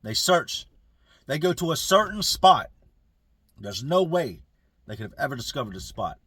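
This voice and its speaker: Husky-voiced man telling a prison story. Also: on the high side, normal speed, no room sound, studio quality. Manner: streetwise slang, animated retelling with acted quotes. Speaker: storyteller recounting prison life. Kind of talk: casual spoken storytelling.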